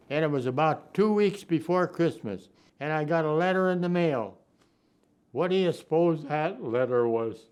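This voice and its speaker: A smooth, darkish male voice, a little high, with lively intonation and a normal pace. He's a war veteran from Minnesota, United States, over a hundred years old, reflecting on his memories in a documentary interview and acting out the dialogue he remembers.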